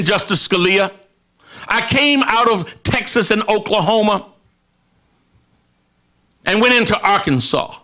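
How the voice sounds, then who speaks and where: A man's voice: high-pitched, pushed and bright. A man giving an impassioned speech as a radio guest, repeatedly addressing one listener directly and building emphasis.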